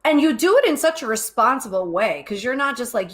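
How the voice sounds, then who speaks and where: Animated, candid woman co-host chatting. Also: a little high, fairly quick. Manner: candid, animated, laughs often, swears. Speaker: podcast co-host. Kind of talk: casual chat. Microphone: headset earbuds.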